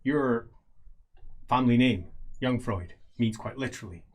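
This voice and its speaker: A man's voice: medium pitch, measured pace, a little mellow. A man narrating a tabletop role-playing game as game master, in a playful storytelling manner.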